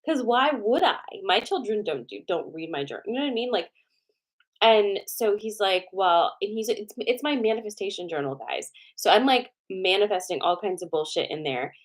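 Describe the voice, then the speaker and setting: A woman host telling a personal story to viewers in a casual, animated way, with a lot of swearing and "like" fillers. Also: medium pitch, moderate pace.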